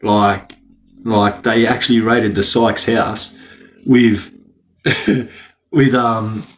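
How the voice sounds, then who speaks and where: Speaking very slowly in a fairly low, steady voice, a man appears as a podcast guest and tells stories. His casual delivery rambles, is full of slang, and gets broken up by frequent laughter.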